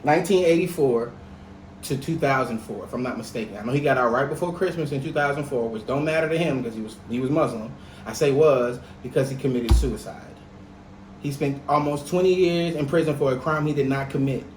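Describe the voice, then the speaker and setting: A man's voice: medium pitch, brisk, echoey room, slight background noise, poor audio. A young man co-hosting a podcast, talking in a heated, emphatic and profane way. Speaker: podcast co-host. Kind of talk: casual podcast chat.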